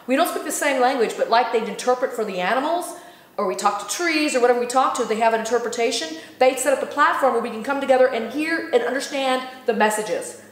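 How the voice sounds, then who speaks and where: A woman host talks in a loose, animated way, often laughing and slipping into others' voices as she retells a story. Her voice sits fairly high. The room around her rings with echo. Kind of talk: casual spiritual talk.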